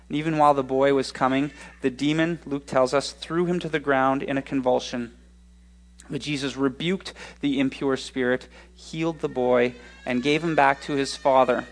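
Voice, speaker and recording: A male pastor preaching a sermon in an expressive way, slowing down and speeding up for emphasis. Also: medium pitch. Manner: expressive, shifting pace for emphasis.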